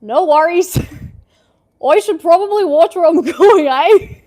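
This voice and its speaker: A woman's voice: very high voice, takes it slowly, mellow, voice pushed up. A woman doing a young Aussie guy's voice. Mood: joking. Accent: attempted Australian. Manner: laughing through the line, self-conscious. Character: young man with a thick Australian accent.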